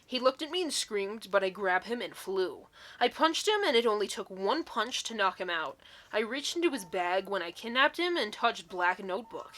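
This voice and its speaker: Giggly bright-voiced young woman. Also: medium pitch, sing-song, moderate pace. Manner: giggly, mock-dramatic, breaks into laughter. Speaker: vlogger reading fan fiction aloud. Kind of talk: comedic dramatic reading.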